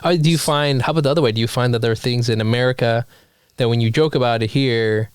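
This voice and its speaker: A male podcast host with a smooth, resonant voice at a middle pitch. He talks loosely, with lots of fillers. The sound is dry and close to the mic. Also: no room sound. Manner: relaxed, full of fillers and quick reactions. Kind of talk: casual podcast chat.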